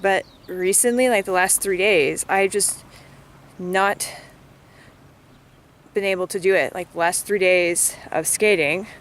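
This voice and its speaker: A woman's voice: lowish voice, a little slow, long pauses, slight background noise. A woman vlogging in a casual chat, talking in a chatty, filler-heavy way and venting her frustration.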